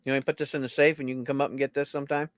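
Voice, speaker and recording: A man's voice: mid-range voice, flat delivery, racing, no room sound. A man hosting a coin auction livestream, chatting casually and joking as he talks straight to his viewers.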